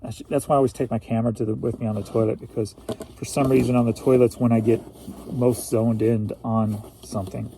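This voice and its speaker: Gravelly low-toned man chatting casually. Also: flat delivery, fast, dark tone, slight background noise. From St. Louis, Missouri. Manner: rambling, chatty, emotional at times. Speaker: reseller vlogger. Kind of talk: casual solo vlog.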